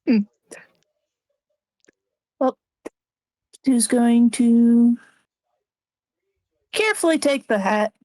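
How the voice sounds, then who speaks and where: A woman's voice: on the high side, very slow, pauses often, a little mellow, dry recording. A woman playing a tabletop game, playful and easygoing as she speaks in character. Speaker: player.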